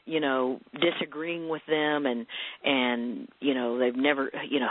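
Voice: mid-range voice, fairly even intonation, unhurried. A counselor for teens and parents, talking earnestly as a guest in a radio interview and often repeating words while explaining with client examples. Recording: phone-like narrow radio line.

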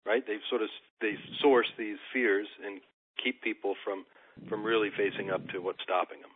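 Low-voiced guy hosting a radio chat, rambles a bit, sounds like a phone line. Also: normal speed, husky. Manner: rambling, searching for words. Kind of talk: interview conversation.

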